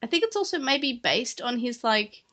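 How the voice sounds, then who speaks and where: Bright, playful woman co-host. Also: fairly high pitch, sing-song, normal speed. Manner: chatty, playful, rambling with restarts. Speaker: podcast co-host. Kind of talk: casual chat.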